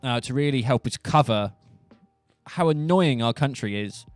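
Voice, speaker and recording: Young Southern English man, casual joking streamer, mid pitch, dry close mic. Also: animated, normal speed, no echo, faint music behind. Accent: Southern English, Buckinghamshire. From England. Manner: joking, rambling, with restarts. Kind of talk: casual monologue.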